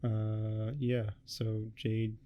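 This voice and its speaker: A man giving a rambling, heavily swearing casual recap of a webcomic, tossing off quick quotes of the characters. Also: fairly low pitch, monotone, warm tone, muffled recording. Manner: swears a lot, rambling and offhand. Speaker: host. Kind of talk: casual comic recap commentary.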